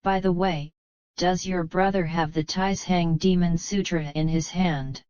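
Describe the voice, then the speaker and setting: A woman's voice: lowish voice, fairly even intonation, a little slow, darkish tone, clean tone, no room sound, natural voice. A woman reading the lines of a cheeky, mischievous young male martial hero in a plain storybook voice. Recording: slightly dull, muffled.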